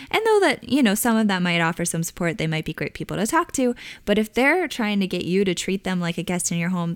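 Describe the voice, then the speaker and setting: Woman in her 30s chatting advice, smooth lowish voice, dry close sound. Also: no echo. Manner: warm conversational with frequent fillers and laughs. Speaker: podcast host. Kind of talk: casual advice talk.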